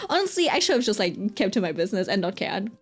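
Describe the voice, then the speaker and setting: A woman's voice: medium pitch, sing-song, brisk, husky, soft background music. A woman streamer telling a story in a casual, rambling way, full of fillers and constant "right?" check-ins. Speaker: streamer chatting while drawing.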